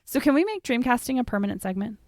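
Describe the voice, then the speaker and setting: A woman's voice: a little high, sing-song, fast, darkish tone, no echo. Chatty woman podcast co-host, dry sound. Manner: chatty and opinionated, fills talk with "like". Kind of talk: casual chat about musical theater.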